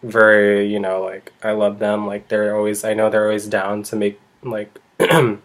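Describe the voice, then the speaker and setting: A man's voice: on the low side, monotone, normal speed. A man, an eyebrow artist, chatting casually in a vlog, rambling and filling his talk with "like". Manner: rambling, heavy use of "like".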